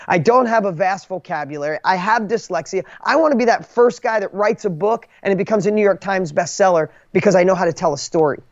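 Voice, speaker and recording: A man telling his own story as a guest author, emphatic and animated, often restarting his sentences. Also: high-pitched, no room sound, muffled recording. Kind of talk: conversational storytelling.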